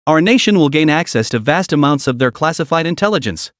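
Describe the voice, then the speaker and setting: A man voicing a calm male scientist who explains a clever scheme in a measured way. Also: a little high, dry recording, clean studio sound, lightly acted. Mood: confident.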